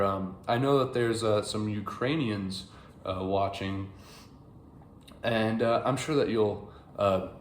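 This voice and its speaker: A young American man giving a rambling, casual book review to camera, with many fillers and restarts. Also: fairly low pitch. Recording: echoey room, faint background hiss.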